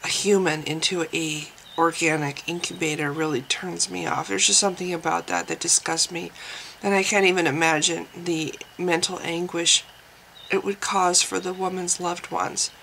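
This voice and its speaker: A woman's voice: on the low side, flat delivery, normal speed, vocal fry, fairly bright tone, slight background noise, poor audio. A woman vlogger giving casual spoken commentary, thinking aloud with frequent restarts and hesitations.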